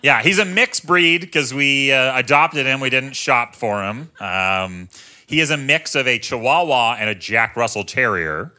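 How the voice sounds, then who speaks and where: A man in his thirties doing a stand-up comedy set, chatting in a self-mocking way, tagging jokes with "right?" and leaping into loud voices for punchlines. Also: lively intonation, measured pace. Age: 30s. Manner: conversational, self-mocking, often tags lines with "right?"; jumps into loud high character voices for punchlines. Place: comedy club stage.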